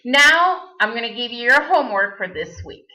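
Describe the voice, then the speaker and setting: A woman's voice: fairly high pitch, lively intonation, normal speed, bright, forceful tone. A native Spanish-speaking woman giving a recorded language lesson, patiently repeating words for the learner. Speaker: Spanish teacher. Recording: dull lo-fi recording.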